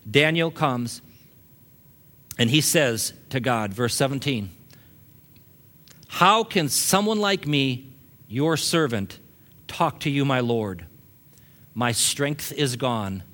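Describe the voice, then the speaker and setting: A man delivering a sermon as pastor, moving between animated emphasis and a soft, intimate delivery. He reads scripture aloud and speaks directly to the congregation. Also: medium pitch. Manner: animated preaching, drops to soft intimate tones at the close.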